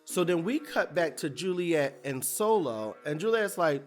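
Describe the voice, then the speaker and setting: A man's voice: a little high, very animated, moderate pace, faint music behind. A man casually recapping a TV episode, retelling scenes in a loose, chatty way and voicing characters' lines as he goes. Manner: loose, chatty retelling with fillers and acted-out quotes. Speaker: TV recap reviewer.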